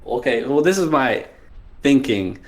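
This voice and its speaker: A man's voice: mid-range voice, lively intonation, measured pace. A medical student on a call, talking hesitantly and trailing off as he asks for dating advice. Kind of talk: casual conversation.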